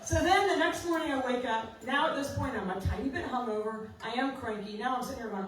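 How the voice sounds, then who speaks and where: A woman's voice: a little high, fast talker, hardly any pauses. Chatty woman songwriter, roomy distance. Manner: chatty, self-mocking, laughing often. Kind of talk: storytelling at a house concert. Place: living room house concert.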